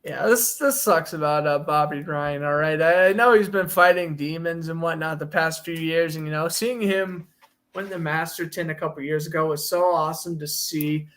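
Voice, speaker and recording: A young man with a high-pitched voice co-hosts a casual hockey talk show. He is opinionated and jokey as he runs through player signings. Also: moderate pace, fairly bright tone. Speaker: podcast co-host. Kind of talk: casual sports chat.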